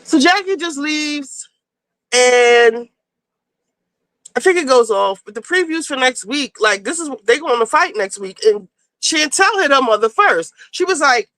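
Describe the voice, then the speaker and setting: High bright gossipy woman streamer. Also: expressive, dry recording, rough recording. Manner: gossipy, blunt and profane, rushing through the story. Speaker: livestream host. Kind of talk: casual reality-TV recap chat.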